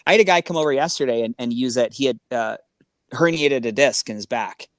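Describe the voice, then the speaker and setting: A man talking as a guest in a casual conversation, an animated and rambling storyteller. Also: mid-range voice, a little fast, no room sound, clean studio sound. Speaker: podcast guest.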